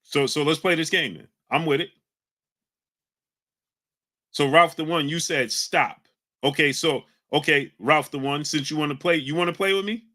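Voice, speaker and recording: This man's voice sits a little high, with fairly even intonation, a slightly slow delivery and long pauses. Hosting a live stream, he reads chat names aloud and argues hotly with his viewers, shouting out usernames in a combative way.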